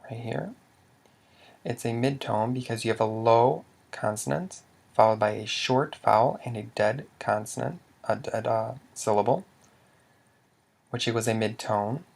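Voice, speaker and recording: A man teaching tone rules step by step, with a methodical manner, saying each example word louder than the rest. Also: on the low side, creaky, breathy edge. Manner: slow and methodical, says Lao example words louder. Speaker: language teacher. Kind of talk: screen-recorded tutorial explanation.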